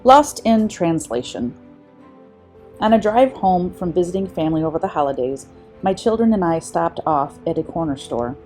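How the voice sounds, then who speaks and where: A woman in her fifties reads short, funny anecdotes aloud in a light, amused manner. Her voice is warm, mellow and slightly low. Soft music plays faintly behind her. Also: lively intonation, moderate pace. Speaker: vlogger host. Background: faint background music.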